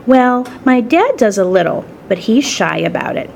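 A woman reading a storybook and voicing a shy young schoolgirl who talks in a hushed, half-whispered way. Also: a little high, big pitch swings, normal speed, creaky, slight background noise. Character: shy young schoolgirl, soft-spoken and earnest.

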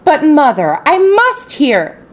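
A woman's voice: high-pitched, wildly swooping pitch, takes it slowly, pitched above the performer's own voice, full character voice. A woman voicing a curious, eager young boy in an audiobook reading, asking breathless, wide-eyed questions.

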